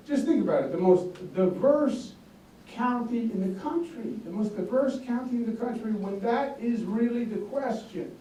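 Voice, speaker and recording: A man's voice: high-pitched, dark tone. An older man from Queens with a Queens accent, giving a folksy, emphatic campaign speech and repeating lines for effect. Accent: Queens, New York. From Queens, New York. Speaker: political candidate. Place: echoey indoor office hall. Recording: echoey, distant room recording with faint noise.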